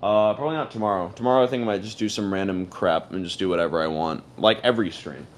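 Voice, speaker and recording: A man's voice: low-pitched, quick pace, a little hiss or hum. A man hosting a casual audio chat, rambling in an ironic, self-mocking way. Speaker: host of an audio chat room.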